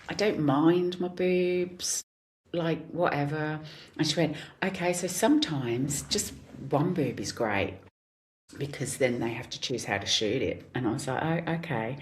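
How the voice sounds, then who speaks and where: There's a little hiss or hum behind this low-sitting voice of a woman in her forties. She's a guest actor chatting casually, an animated storyteller who laughs a lot.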